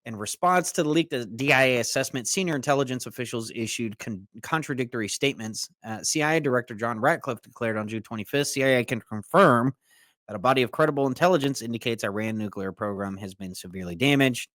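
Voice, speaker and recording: Male podcast co-host, mid-pitched, reads headlines and riffs casually; dry, close sound. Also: fast talker, a bit bright, no room sound. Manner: casual, reads news excerpts aloud, breaks into asides. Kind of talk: political commentary podcast.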